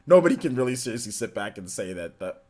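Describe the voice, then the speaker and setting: A young man with a lowish voice chats casually on a live stream, reacting and reading chat. He is animated and quick to laugh, often repeating himself as he reads.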